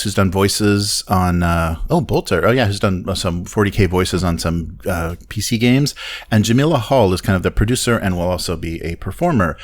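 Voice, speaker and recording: A man hosting a casual tabletop games podcast, chatting with lots of fillers, quick laughs and skeptical asides. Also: on the low side. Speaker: podcast host.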